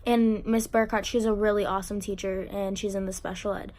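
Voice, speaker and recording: A teenage girl telling an emotional personal story to camera, halting and on the verge of tears, with many fillers and restarts. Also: medium pitch, little pitch movement, darkish tone. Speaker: vlogger.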